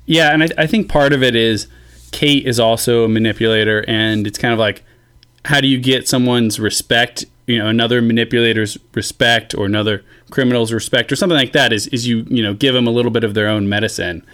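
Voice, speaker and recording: A man co-hosts a relaxed podcast discussion in an ordinary mid-pitched voice. He thinks out loud, leaning on fillers as he works toward his point. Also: brisk. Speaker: podcast co-host. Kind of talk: casual discussion.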